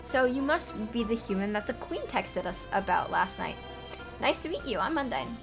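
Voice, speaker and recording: A woman voicing a brash, loud female fish warrior who teases people and calls them punk, with music underneath. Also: fairly high pitch, very animated, moderate pace, creaky. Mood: teasing. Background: background music.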